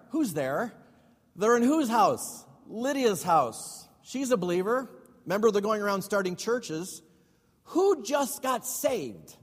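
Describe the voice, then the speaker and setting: A male pastor with a fairly high voice teaches from the Bible. He reads passages aloud and then breaks into casual explanations and questions for the congregation. His voice rings with a long reverb, as in a church hall. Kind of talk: Bible study sermon.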